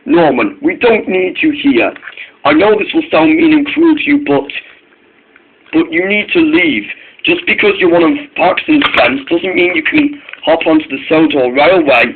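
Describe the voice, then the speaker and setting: A man's voice: high voice, very animated, moderate pace, vocal fry, slight background noise, pitched above the performer's own voice, heavily acted. Fat Controller, read by a man, stern. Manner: firm, refusing, hesitant restarts. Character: stern male railway boss. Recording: tinny phone-like recording.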